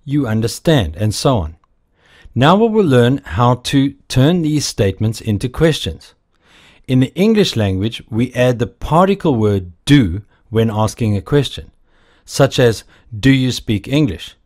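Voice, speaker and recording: Lively-voiced man narrating a language lesson. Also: medium pitch. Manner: slow, deliberate, explanatory. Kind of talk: scripted instructional narration.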